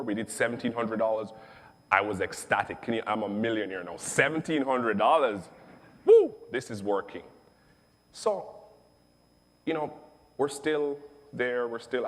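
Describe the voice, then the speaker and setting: A middle-aged man from Jamaica, telling his own business story in an emphatic, animated way and repeating phrases for stress. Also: medium pitch. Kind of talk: testimonial storytelling. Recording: long echoing reverb.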